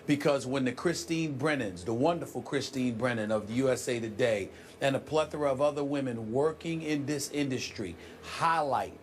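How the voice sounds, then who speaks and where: A man co-hosting a sports debate show in a TV studio, talking forcefully and building emphasis while a little under the weather. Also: medium pitch, slight background noise. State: sick, clears throat.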